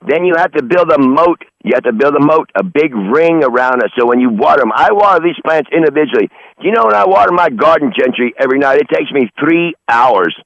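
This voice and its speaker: A man's voice: a little high, expressive, a little fast, gravelly, a bit bright, no room sound. A man rambling in crude, profane casual chat, calling in from outdoors in his garden over a phone line. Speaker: regular call-in guest.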